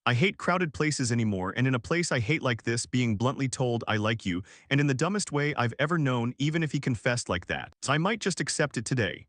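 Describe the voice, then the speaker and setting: A man's voice: mid-range voice, animated, a little fast, few pauses, fairly bright tone, no echo, clean studio sound. A man voicing a guarded, hot-tempered young woman in a recap story, read plainly.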